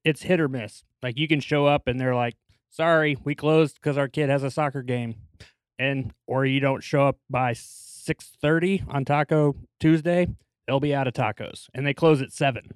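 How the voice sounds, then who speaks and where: A man's voice: mid-range voice, fairly even intonation, normal speed, clean tone, no room sound, studio quality. A man co-hosting a casual podcast chat, talking in a chatty, rambling way with fillers. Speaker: podcast co-host.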